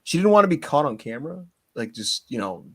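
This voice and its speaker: A man co-hosting a casual podcast, excitable and teasing, laughing often as he talks. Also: on the high side, a little fast. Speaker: podcast co-host.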